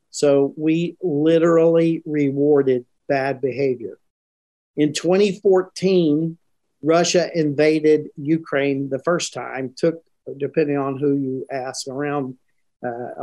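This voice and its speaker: An older man, a retired military commander, giving a broadcast interview in an earnest, emphatic way, slowing down to stress his points. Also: a little high, a little mellow.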